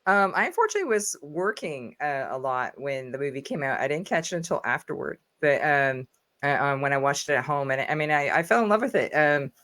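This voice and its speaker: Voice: medium pitch, big pitch swings, fairly quick, fairly bright tone, no room sound, clean studio sound. Goofy chatty podcast guest. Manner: goofy, chatty, many fillers. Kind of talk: casual chat.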